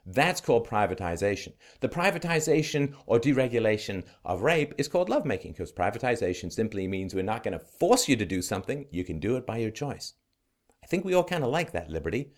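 A man's voice: on the low side, big pitch swings, fairly quick. A man giving an emphatic, sarcastic opinionated monologue as a political commentator.

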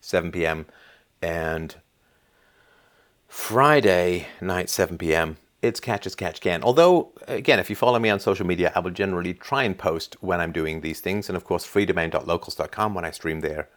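A man's voice: low voice, moderate pace, a bit bright. A man hosting a livestream, answering viewer chat in a casual monologue and explaining his views with rhetorical tag questions. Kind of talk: casual call-in style monologue. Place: home in Canada.

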